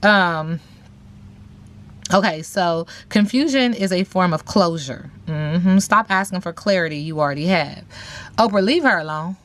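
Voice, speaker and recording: A woman's voice: on the low side, a little slow. A woman giving a casual tarot reading, talking in a sassy, slang-heavy way with playful teasing asides to viewers. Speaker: tarot reader.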